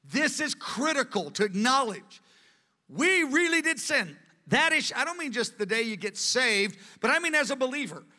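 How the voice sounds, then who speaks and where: A man preaching a sermon with earnest, animated delivery, in a large hall. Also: extremely high pitch, normal speed. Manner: earnest, acts out quoted voices. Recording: long hall reverb.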